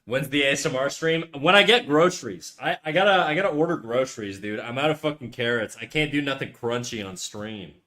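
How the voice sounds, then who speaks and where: Drawing on a live stream in his apartment's untreated room, the young man reads chat aloud into a USB condenser desk mic, relaxed and swearing freely. His medium-pitched voice is fairly quick, bright and forceful, with hardly any pauses.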